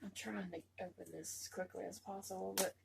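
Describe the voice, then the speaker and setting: A woman unboxing a doll on her vlog, gushing with repeated exclamations and drifting into soft murmurs. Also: mid-range voice, fairly even intonation, a little fast, creaky, heavy background noise. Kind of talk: casual excited unboxing chat.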